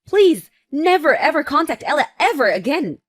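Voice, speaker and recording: Female reader for an indignant fiancée in a text story: firm, protective, steady. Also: high voice, moderate pace. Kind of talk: text-message story narration.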